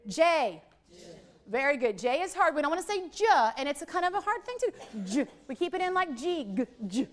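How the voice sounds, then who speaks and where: A middle-aged woman running a literacy workshop for teachers, leading the group through letter sounds in a lively way. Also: very high-pitched, fast. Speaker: literacy trainer.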